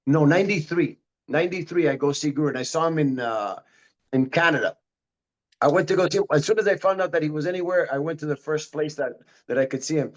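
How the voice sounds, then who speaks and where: Animated storytelling man, higher voice. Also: quick pace, highs cut off. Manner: animated, repeats and restarts phrases. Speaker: martial arts instructor, guest. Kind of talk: casual storytelling in an interview.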